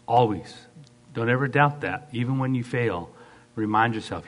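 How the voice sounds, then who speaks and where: A man preaching a sermon, acting out quoted voices and swinging from loud, fast bursts to soft, slow stretches. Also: medium pitch.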